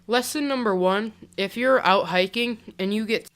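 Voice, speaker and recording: A man's voice: sits high, normal speed, a bit bright, clean tone. A young man casually telling a story on his vlog, rambling and chatty with lots of "like", into a pop-filtered desk mic. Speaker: vlogger.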